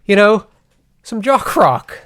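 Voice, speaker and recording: A man's voice: sits high, sing-song, slow, fairly bright tone. A man co-hosting a podcast in casual chat, joking and teasing and laughing often. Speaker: podcast co-host.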